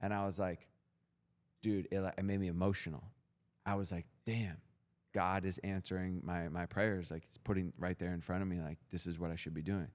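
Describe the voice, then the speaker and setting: A man's voice: sits low, flat delivery, brisk, darkish tone. A young man as a podcast guest, telling his story in a blunt, profane, intense motivational way. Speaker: guest entrepreneur.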